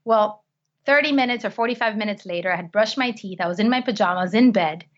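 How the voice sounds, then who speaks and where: A woman's voice: mid-range voice, fast, slight background noise. A woman talks as a podcast guest, sharing personal stories with earnest feeling. She often restarts her sentences as she goes. The recording sounds slightly muffled and lo-fi. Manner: earnest, heartfelt, frequent restarts. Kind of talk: conversational storytelling.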